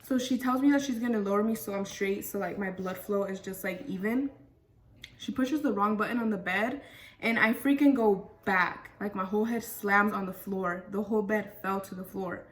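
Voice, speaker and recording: A woman's voice: medium pitch, moderate pace. A young woman vlogger telling a casual storytime, chatty and full of fillers. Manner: chatty, lots of fillers and "freaking". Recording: voice a bit far from mic.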